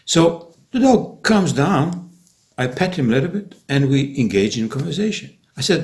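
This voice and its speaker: A man's voice: fairly high pitch, big pitch swings, normal speed, darkish tone. Man ranting in a rambling monologue. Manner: sarcastic, conspiratorial ranting with many restarts. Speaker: vlogger.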